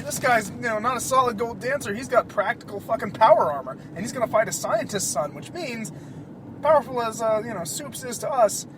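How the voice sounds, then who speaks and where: A man hosting a casual solo podcast, rambling in an excitable, profane way. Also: high voice, background noise. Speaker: podcast host.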